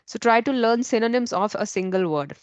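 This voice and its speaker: A woman's voice: fairly high pitch, expressive, fairly quick, no room sound. A woman English trainer with an Indian accent, explaining patiently and often asking "right?". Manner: explanatory, frequent "right?" tag questions. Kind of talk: interview answers, teaching.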